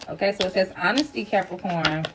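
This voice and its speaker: A woman's voice: a little fast, noisy background. A woman reading tarot cards for her viewers in a casual, chatty way, blunt and ready to cuss when she vents. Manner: chatty and blunt, cusses while venting, animated rises in pitch. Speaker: tarot reader.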